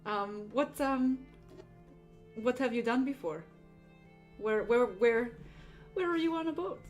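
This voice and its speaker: Earnest, halting and curious, this is a sheltered young swordswoman in a tabletop game, as a woman puts her on in her own voice. Her questions come out in stops and restarts, with faint music behind. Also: a little high, expressive, pitched above the performer's own voice.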